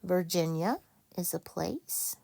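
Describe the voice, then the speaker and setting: A woman teaches a children's reading lesson, talking at an unhurried pace. Her voice sits fairly low and has a gravelly fry to it. She is patient and stops to correct her own slips. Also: mellow. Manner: slow, patient, self-correcting.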